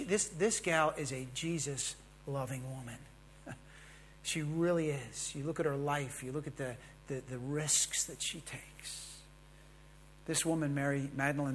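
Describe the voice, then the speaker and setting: A man's voice: on the high side, husky. A man preaching a sermon in a conversational way, asking the congregation questions and growing more emphatic as he goes. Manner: grows louder and more emphatic. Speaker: pastor.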